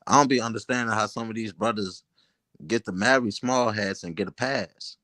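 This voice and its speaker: A man's voice: on the low side, normal speed, bright, forceful tone, dry recording. A man co-hosting a casual online panel, pressing a guest with pointed questions. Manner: challenging, questioning. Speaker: panel co-host.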